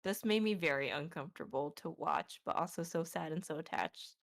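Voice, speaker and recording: A woman's voice: low voice, a little fast, creaky. A woman co-hosting a casual chat show, talking emphatically and swearing when upset. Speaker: podcast co-host.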